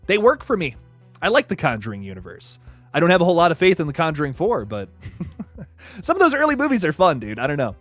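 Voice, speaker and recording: A man's voice: on the high side, huge pitch swings, fast talker, a bit bright, dry recording, soft background music. A young man hosting a casual horror news livestream who swears freely, laughs often and reads chat aloud.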